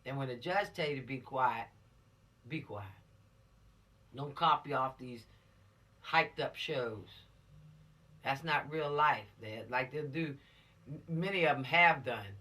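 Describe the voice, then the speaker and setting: A man's voice: medium pitch, moderate pace, long pauses, pushed and bright, recorded from a distance. A man giving an informal, preachy law lesson to teenagers, repeating his points for emphasis. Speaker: law instructor for teens.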